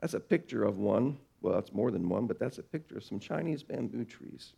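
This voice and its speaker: A man preaching a sermon, slowing down for emphasis and swinging between soft, low lines and louder, higher ones. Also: animated, gravelly, husky. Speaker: pastor.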